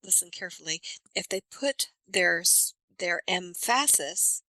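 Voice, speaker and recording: A woman speaking as an accent coach in a podcast interview, with a bright, forward voice. She explains eagerly and uses examples. The sound is dry and close. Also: lowish voice, normal speed, no echo, poor audio. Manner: animated storyteller, explains with examples.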